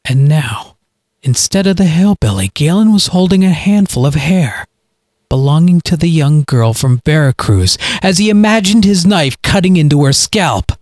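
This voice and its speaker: A man reading his own audio story aloud as its narrator, in a dramatic, expressive way. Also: fairly high pitch, normal speed, dry recording, studio quality. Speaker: podcast author and narrator.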